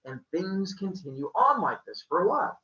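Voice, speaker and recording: A man's voice: sits high, sing-song, normal speed, bright, forceful tone, reverberant, muffled recording. A man retelling a myth in a casual, jokey, playful way full of sound effects. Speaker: podcast storyteller.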